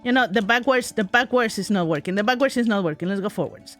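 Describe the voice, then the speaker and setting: A woman doing let's play commentary, excitable, talking to herself with shrieks and laughs. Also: fairly high pitch, quick pace, soft background music. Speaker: gaming streamer.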